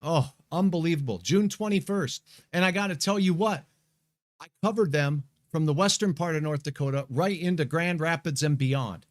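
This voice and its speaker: A middle-aged weatherman from Montana talks casually on a live stream in a fairly high voice. He is folksy and chatty, and he bursts into excited shout-outs to viewers. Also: moderate pace. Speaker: weather show host, meteorologist.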